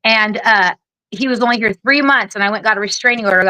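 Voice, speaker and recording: A woman in her forties, a military veteran and podcast guest, telling her story in a blunt, heavily profane, rapid-fire way. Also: medium pitch, bright, forceful tone, no echo, rough recording. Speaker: guest, Air Force veteran.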